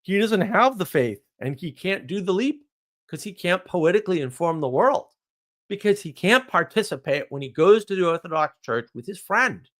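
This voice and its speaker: A man delivers a blunt, ranting live stream monologue, asking questions and answering them himself. His pitch swoops widely up and down as he talks. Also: sing-song, moderate pace, fairly bright tone.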